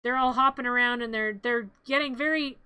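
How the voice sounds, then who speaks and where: A woman's voice: on the high side, steady tone, fairly quick, pushed and bright, clear, resonant tone, dry recording. A woman streamer narrating a movie in a playful, rambling, chatty way with little quips.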